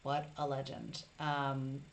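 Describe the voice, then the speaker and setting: A woman's voice: a bass voice, little pitch movement, slow pace, gravelly. A woman hosting a casual live stream, chatting playfully and reading viewer comments aloud. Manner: chatty, reads chat aloud, playful asides.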